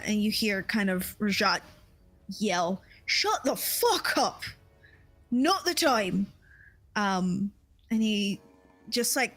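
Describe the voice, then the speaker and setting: A young woman game master narrates a tabletop game slowly, with lots of halting "um"s and "like"s between phrases. Her pitch is mid-range for a woman, with faint music underneath. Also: a bit bright, low-quality recording. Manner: halting, full of fillers like "um" and "like".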